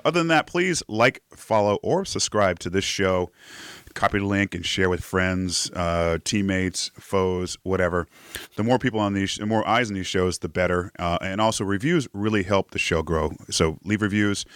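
A man's voice: sits low, fairly bright tone, clear, resonant tone, no echo, clean studio sound. A man hosting a live rugby show, chatting casually and laughing often. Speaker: podcast host.

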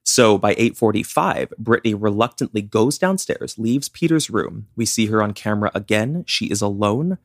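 A young man with a fairly low voice walks a listener through a true-crime case in an easy, chatty way. He keeps dropping "like" as he goes. The sound is close and dry. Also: lively intonation, moderate pace, hardly any pauses, no echo. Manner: chatty, many "like" fillers. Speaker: podcast co-host. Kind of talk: casual true-crime storytelling.

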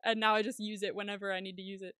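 A young woman co-hosting a podcast in casual chat, chatty and quick to laugh, swearing casually. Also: medium pitch, level tone, fairly bright tone, no room sound, studio quality. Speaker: podcast co-host.

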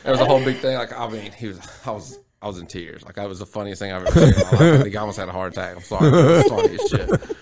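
A man rattles off a story at speed, crude and laughing as he goes. His voice is low and gravelly. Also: wildly swooping pitch, a crowd in the background. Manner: fast, laughing, crude, says "bro" and "dude". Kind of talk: casual storytelling chat.

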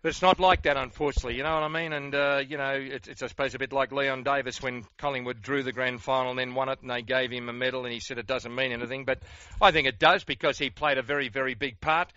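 A man's voice: mid-range voice, fairly even intonation, quick pace, pushed and bright, no room sound. An Australian man hosting a radio interview, asking leading, reminiscing questions. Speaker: radio host. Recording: dry, dull lo-fi sound.

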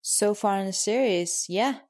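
A woman co-hosting a casual podcast, chatty and quick to laugh. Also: mid-range voice, darkish tone. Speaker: podcast co-host.

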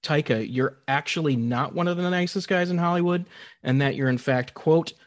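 A man's voice: a little high, moderate pace. A man hosting an interview podcast, reading an upbeat scripted intro and then asking questions. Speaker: podcast host.

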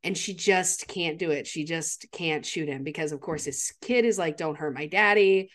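A woman's voice: sits low, moderate pace. A woman co-hosting a podcast, eagerly retelling film scenes and acting out the characters' lines. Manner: enthusiastic, animated storytelling with acted-out quotes. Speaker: podcast co-host. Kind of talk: casual movie recap chat.

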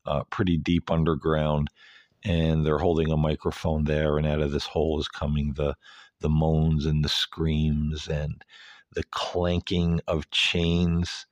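A man's voice: very deep voice, a little mellow, dry recording, lo-fi sound. A man hosting an earnest, rambling monologue, talking casually with lots of fillers into a close mic. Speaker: host.

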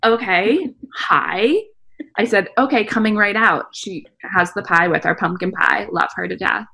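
A young woman in her twenties, a podcast co-host chatting casually and acting out quotes with big jumps in pitch. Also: a little slow, vocal fry, pushed and bright. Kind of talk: casual chat.

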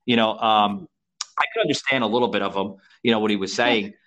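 A man's voice: fairly low pitch, quick pace, fairly bright tone. An American man from Florida hosting a podcast, talking casually with many repeats and "you know". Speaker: podcast host. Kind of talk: casual interview chat.

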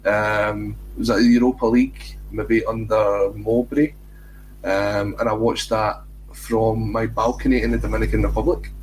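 A man's voice: fairly low pitch, level tone, normal speed, slight background noise, low-quality recording. A Scottish man hosting a football podcast, chatting casually with friendly, self-mocking banter. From Scotland. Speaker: podcast host.

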